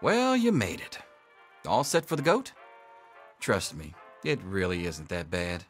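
An actor playing a sardonic schoolteacher addressing a class, with game music behind. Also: male voice, low voice, huge pitch swings, unhurried, full character voice. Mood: wry. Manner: dry, sardonic. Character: dry, wry male schoolteacher. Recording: game audio with clear background music.

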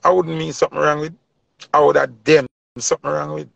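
A Jamaican man rants in thick patois, hammering his points over and over like a sermon. His voice sits a little high with a gravelly edge. The recording is dry and slightly muffled. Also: flat delivery, fairly quick, a bit bright, no room sound. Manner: patois-heavy, preachy, repeating points for emphasis. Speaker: commentator. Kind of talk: impassioned opinion rant.

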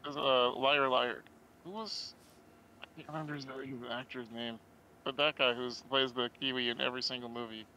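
A man's voice: medium pitch, level tone, moderate pace, pushed and bright, a little hiss or hum, poor audio. A man chatting casually and joking during a card game with friends. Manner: joking, laughs often. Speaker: player. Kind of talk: casual chat while playing a card game.

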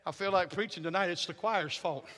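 A middle-aged man preaching as a guest in a church, telling stories with animated energy that builds to fervent shouting. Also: high voice, fairly quick, heavy background noise. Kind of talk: sermon. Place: church sanctuary. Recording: reverberant church hall.

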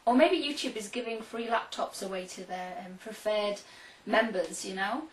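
A woman's voice: medium pitch, normal speed, recorded from a distance. Sarcastic woman, slightly off-mic in a roomy space. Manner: dry sarcastic teasing. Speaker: co-host of a video preview. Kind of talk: teasing, sarcastic banter.

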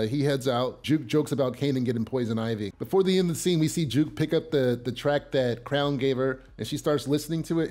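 A man with a medium-pitched voice chats casually through a recap of a TV episode. He uses fillers and restarts his sentences, growing loud and excited when the big moments come.

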